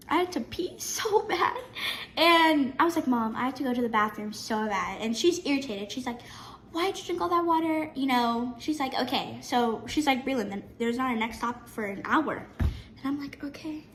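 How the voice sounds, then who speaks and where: A teenage girl telling a personal story to her camera in a chatty, animated way, often restarting her sentences. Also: high-pitched, moderate pace, roomy sound, slight background noise. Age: teen. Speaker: vlogger.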